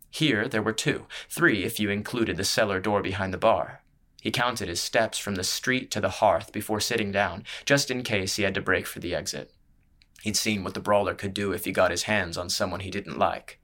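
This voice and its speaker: A man narrates a fantasy tale in a steady, measured reading voice. His voice sits on the low side, and he keeps an even storytelling pace throughout. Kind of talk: scripted audiobook narration.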